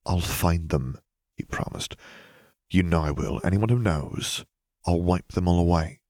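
A man's voice: low voice, unhurried, a little mellow, no room sound, studio quality. Man voicing an earnest devoted young husband.

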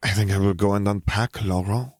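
A man's voice: fairly low pitch, steady tone, fairly quick, a little mellow, dry recording, clean studio sound, natural voice. A man voicing an older woman in a storybook reading, a composed mother calling out to her daughters. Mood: brisk.

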